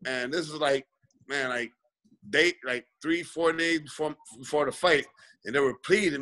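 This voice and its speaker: A man's voice: a little high, normal speed, bright, forceful tone, low-quality recording. A man being interviewed as a boxing guest over a video call, telling a long story with lots of fillers. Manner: rambling, many "you know" fillers. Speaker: guest boxer.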